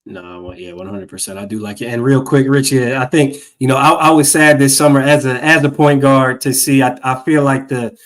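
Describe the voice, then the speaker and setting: A man's voice: medium pitch, steady tone, a little fast, hardly any pauses. A man from Minneapolis co-hosting a podcast, chatting about sports in a laid-back, playful way. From Minneapolis, USA. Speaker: podcast co-host. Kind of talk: casual sports talk.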